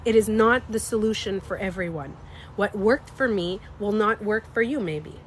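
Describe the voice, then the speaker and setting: Animated, stuffy-nosed woman livestreaming. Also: medium pitch, moderate pace, slight background noise. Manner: animated and emphatic, swears freely, talks to chat viewers. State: slightly stuffy nose. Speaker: livestreamer and beauty coach. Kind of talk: casual livestream chat.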